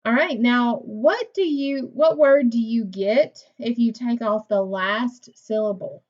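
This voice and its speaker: A woman teacher leading a phonics lesson for young children. She talks slowly and patiently, sounding out words and praising each answer. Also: a little high. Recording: dull lo-fi recording.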